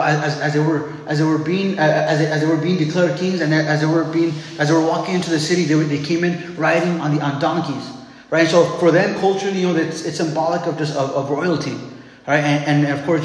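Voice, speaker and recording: A man preaching a sermon in a loose, conversational way, often calling listeners "man" and restarting his phrases. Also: on the high side. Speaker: pastor. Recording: echoey hall.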